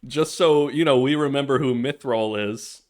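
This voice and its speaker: A man's voice: mid-range voice, normal speed. A man in a casual podcast chat, leading a recap of the episode and laughing often.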